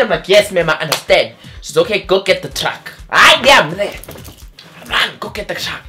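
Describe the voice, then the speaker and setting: Animated young man telling a story. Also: high-pitched, normal speed. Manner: animated storyteller, acts out voices. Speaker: vlogger. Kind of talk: storytime vlog.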